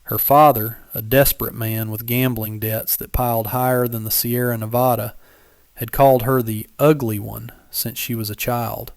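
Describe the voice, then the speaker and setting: Male storyteller, scripted narration, measured and dramatic, mid pitch, dry studio sound. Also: level tone, creaky, dry recording.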